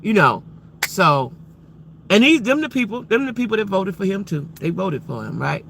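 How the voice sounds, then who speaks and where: A man's voice: high voice, big pitch swings, moderate pace, gravelly, a bit bright, a little hiss or hum. A man hosting a casual livestream who speaks emphatically, repeats himself and keeps asking his viewers rhetorical questions. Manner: repetitive, emphatic, addresses viewers directly. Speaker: livestream host. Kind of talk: casual live-stream commentary to chat.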